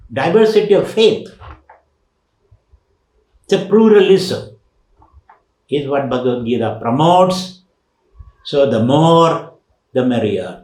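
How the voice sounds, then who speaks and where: A man's voice: fairly high pitch, reverberant, low-quality recording. A man giving a spiritual lecture as a swami, teaching emphatically with rhetorical questions and recited Sanskrit verses.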